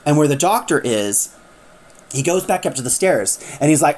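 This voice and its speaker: A woman's voice: deep voice, expressive, moderate pace, darkish tone. A woman casually retelling a story in a chatty way, acting out the characters as she goes.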